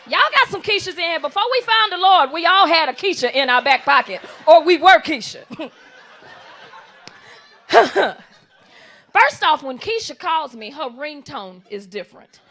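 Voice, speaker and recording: A woman performing live stand-up comedy at a church comedy event, working the audience in an animated, conversational way. Her voice sits high and bright. It swings widely in pitch. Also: unhurried.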